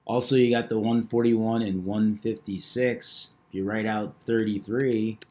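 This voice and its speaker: A man hosting a video, talking through number patterns in a measured, knowing way. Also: lowish voice, fairly even intonation, warm tone, a little hiss or hum. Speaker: numerology video host. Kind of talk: casual monologue.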